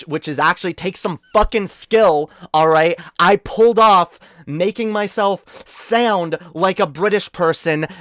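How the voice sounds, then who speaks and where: A tipsy man hosting a reaction livestream, boastful and excitable, swearing freely. His voice sits fairly high. The sound is dry and close to the mic. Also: no echo. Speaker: streamer.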